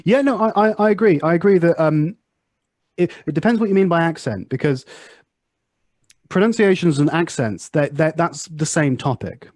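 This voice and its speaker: A man's voice: a little high, animated, normal speed, a little mellow, dry recording, studio quality. A man from England with an English accent, hosting a podcast in casual conversation and thinking aloud through examples. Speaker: podcast host.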